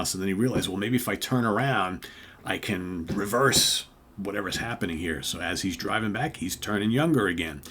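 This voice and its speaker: An older man with a lowish voice co-hosts a comic book show, speaking at normal speed with a slightly rough sound. He casually retells the stories as an animated storyteller, acting out characters' lines and using lots of filler words.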